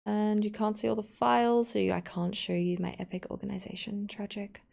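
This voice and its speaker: A woman's voice: mid-range voice, flat delivery, fairly quick, gravelly, a little mellow. A woman streamer chatting casually to her viewers while she edits a video, narrating each step with playful asides. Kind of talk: casual live-stream chat while editing.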